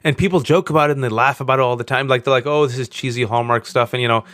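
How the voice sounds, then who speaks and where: A man in his forties gives a candid interview, an animated storyteller who mixes earnestness with self-mockery. His voice sits at an ordinary middle pitch. It is recorded close and dry, with no room sound around it. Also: rapid-fire, no echo. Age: 40s. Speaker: podcast guest.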